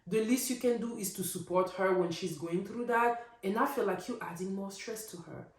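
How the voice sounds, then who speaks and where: A woman's voice: mid-range voice, moderate pace. Opinionated woman vlogger in an echoey room. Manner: opinionated, animated, rhetorical. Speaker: recap vlogger. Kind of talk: casual reality TV recap.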